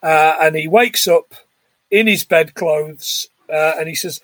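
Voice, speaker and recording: Chatty man, high voice. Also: measured pace, a bit bright, no room sound. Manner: chatty, acts out film lines in put-on voices. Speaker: podcast co-host. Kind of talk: casual chat recapping a film.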